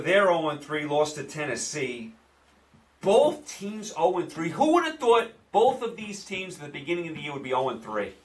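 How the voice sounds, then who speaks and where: A man's voice: fairly high pitch, fairly bright tone, recorded from a distance. A man with a New York accent giving casual, opinionated sports betting picks as host, repeating himself for emphasis.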